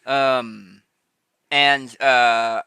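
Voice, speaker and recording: A man running a tabletop game, narrating in a bright, forward voice. He takes his time, stopping often for ums and small restarts, and the sound is close and dry. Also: mid-range voice, extremely slow, clean tone, no echo. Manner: relaxed, many ums and restarts. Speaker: game master.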